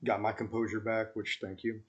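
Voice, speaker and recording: A man in his thirties hosting an interview, telling a story in a reflective, halting way with many fillers. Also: fairly low pitch, level tone, highs cut off. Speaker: podcast host, former Marine squad leader. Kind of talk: conversational interview.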